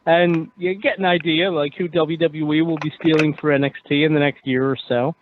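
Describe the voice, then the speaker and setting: A man's voice: a little high, steady tone, fairly quick. Chatty radio host guy from philly, laughs a lot, sounds like he's on a phone w/ a bit of hiss. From Philadelphia. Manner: chatty, laughs easily, many fillers. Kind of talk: casual call-in panel chat. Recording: tinny phone line with faint noise.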